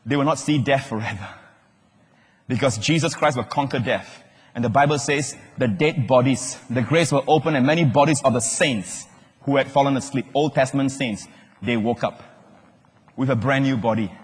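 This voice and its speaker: A man preaching a sermon in a large hall, animated, questioning the congregation and shouting out key words. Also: mid-range voice, normal speed, breathy edge. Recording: long hall reverb.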